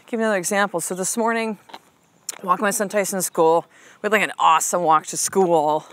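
Chatty, upbeat woman coach. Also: medium pitch. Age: adult mother of a six-year-old. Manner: casual, chatty, frequent "like" and "right?", swears freely; upbeat and emphatic, addresses listener as "sister". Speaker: life coach and podcast host. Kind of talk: motivational podcast monologue.

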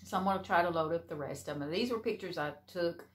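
A woman's voice: fairly low pitch, fast talker. A middle-aged woman, gushing with emotion as she talks casually to camera about a gift, laughing often. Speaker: crochet vlogger.

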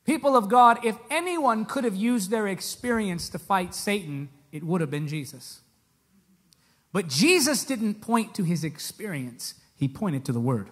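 A man's voice: high voice, lively intonation, unhurried, a bit bright. A man preaching a sermon to a live congregation, direct and emphatic, pressing his points with rhetorical questions. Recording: echoey hall with long reverb.

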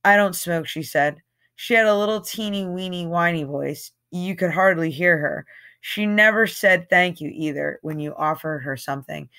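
A woman's voice: on the low side, normal speed, fairly bright tone. Woman reading a novel aloud, casual. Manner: casual, conversational storytelling with occasional slips. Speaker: audiobook reader.

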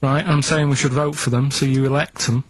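A man's voice: medium pitch, flat delivery, fairly quick, poor audio. A man on a radio show, plainly and stubbornly explaining quiz clues and checking in with "right?" as he goes. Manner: plodding, matter-of-fact explaining, keeps asking "right?". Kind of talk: casual radio banter. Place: radio studio. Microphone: studio microphone.

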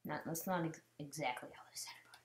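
Woman, casual gameplay commentary, excitable, loud outbursts and mutters, echoey room. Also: deep voice, fast talker, in a whisper. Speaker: gamer commentator.

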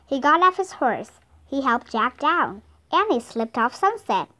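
A woman whose first language is Vietnamese narrating a children's storybook. She reads slowly and clearly, with a lively, sing-song pitch. Her voice sits a little high. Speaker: storybook reader.

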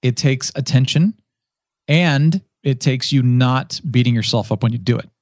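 A man speaking as a guest on a podcast, with a former radio DJ's easy command of the mic. He tells stories with animation and slips into the voices of the people he quotes. His voice sits at an average pitch, recorded close and dry with no room sound. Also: normal speed, no echo. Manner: animated storyteller who acts out quoted voices. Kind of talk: casual podcast interview.

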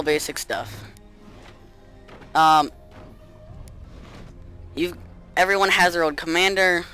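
Dry monotone man, higher voice. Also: clear, resonant tone. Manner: monotone, dry sarcastic delivery. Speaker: gaming YouTuber. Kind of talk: casual gameplay commentary.

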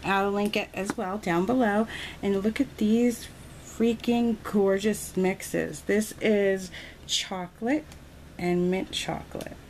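Slow, gushing nail-art vlogger woman, gravelly voice, noisy home recording. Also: medium pitch, a little mellow. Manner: gushing, chatty, thinking aloud. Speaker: beauty vlogger. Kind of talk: casual unboxing chat.

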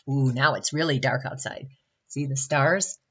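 A woman's voice: a bass voice, a little slow, fairly bright tone, breathy edge, muffled recording. A woman reading a picture book aloud to children at a Bible camp, stopping often to ask the listener questions. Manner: chatty asides asking the listener questions.

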